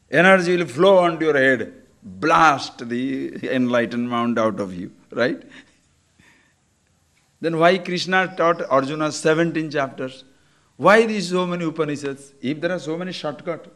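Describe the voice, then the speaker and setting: A man's voice: a little high, a bit bright. An older man giving a spiritual lecture, teasing and acting out little scenes. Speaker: spiritual teacher.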